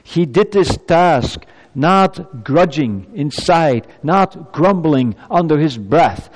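A male pastor preaching a sermon to his congregation, emphatic and swinging from soft passages to loud exclamations. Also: fairly high pitch, animated, takes it slowly. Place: church. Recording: long church-hall reverb.

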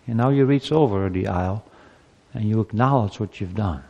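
A man's voice: medium pitch, moderate pace, gravelly, muffled recording. A man preaching a sermon, talking animatedly and acting out what people say to each other. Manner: animated, acts out quoted speech. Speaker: pastor. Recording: long hall reverb.

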